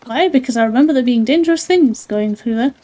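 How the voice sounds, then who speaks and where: A woman streaming a video game, chatting casually, playful and quick to laugh. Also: high-pitched, warm tone. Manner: playful, laughs often, apologizes in mock panic. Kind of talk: casual gaming commentary.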